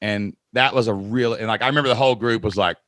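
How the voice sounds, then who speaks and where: A man's voice: fairly low pitch, fast talker, no room sound, studio quality. A man hosting a podcast, telling stories in casual chat and acting out quotes. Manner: animated storyteller, acts out quotes. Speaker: podcast host.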